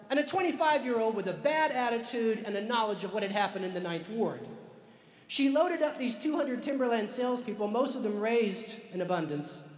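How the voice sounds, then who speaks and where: A man telling a story to a live audience, slowing down for emphasis like a dramatic storyteller. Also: very high voice. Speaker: author and speaker. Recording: echoey hall with long reverb.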